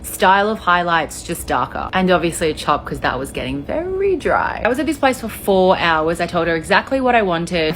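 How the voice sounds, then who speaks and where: Brief: young woman, lower voice, storytime review, measured irritation. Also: slight background noise.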